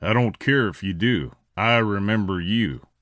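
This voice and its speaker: A man voicing a determined male cowboy gunfighter who speaks calmly, coldly and confidently, with a low snarl. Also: measured pace, dry recording, clean studio sound. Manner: calm, cold and confident, low snarling delivery.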